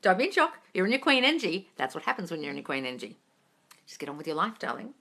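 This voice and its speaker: A woman's voice: very fast, gravelly. A woman hosting a live manifesting Q&A over a phone, answering viewer comments bluntly, swearing freely and calling people darling. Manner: animated, swinging between loud emphasis and low asides.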